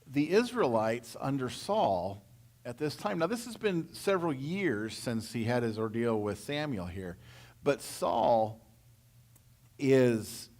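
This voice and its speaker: A man leading a casual verse-by-verse Bible teaching, telling it in a folksy, storytelling way with slang and asides. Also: mid-range voice.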